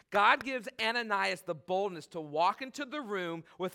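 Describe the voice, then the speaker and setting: A man in his thirties preaching a sermon in a casual, animated way, full of "like" and asides to the congregation. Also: high voice, moderate pace, creaky, hardly any pauses. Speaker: pastor.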